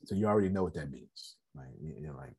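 A man's voice: rumbling low, animated, fast talker, darkish tone, slightly rough. A man hosting an online business meeting, giving a casual motivational talk, repeating himself and often checking that listeners understand.

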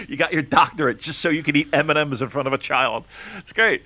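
A man's voice: fairly high pitch, fairly quick. A man from New Jersey co-hosting a podcast, telling stories in a swearing, laugh-filled, casual way. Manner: animated, swearing, storytelling, laughing often. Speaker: podcast host.

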